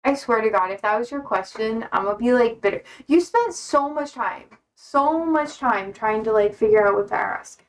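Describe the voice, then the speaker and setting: A young woman streamer chatting casually, reading out viewer comments, blunt and quick to swear and laugh. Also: on the high side, animated.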